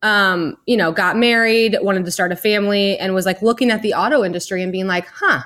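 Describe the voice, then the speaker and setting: A woman's voice: mid-range voice, steady tone, fairly quick, fairly bright tone. A woman in her thirties, a podcast guest, telling her story in a chatty way with many "like"s. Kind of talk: casual interview.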